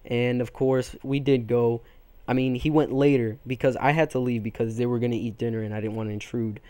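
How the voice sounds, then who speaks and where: A man's voice: medium pitch, little pitch movement, fairly quick, mellow, smooth, dry recording. Rambling young man telling a story. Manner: rambling, many fillers and restarts. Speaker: gaming channel host. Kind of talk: storytelling commentary over gameplay.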